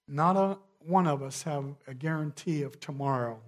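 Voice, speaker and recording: A man preaching a sermon, measured, sinking to a quiet hush on key phrases. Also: medium pitch. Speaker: pastor.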